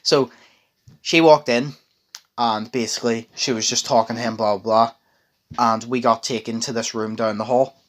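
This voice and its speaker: A man's voice: medium pitch, steady tone, moderate pace. A young man in a casual chat, recounting a long story in a rambling way, swearing freely and full of fillers and restarts.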